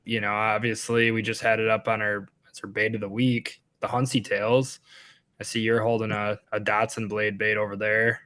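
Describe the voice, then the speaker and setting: A man's voice: fairly low pitch, little pitch movement, normal speed, fairly bright tone. A man with a Wisconsin accent hosting a casual fishing podcast, laid-back as he steers the talk to his co-hosts. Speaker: podcast host.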